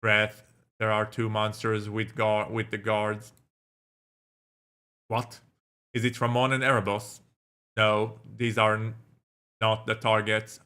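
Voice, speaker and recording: A man's voice: on the low side, bright, forceful tone, smooth. A man streaming a visual novel, reading its lines aloud and adding playful, crude asides. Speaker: gameplay streamer.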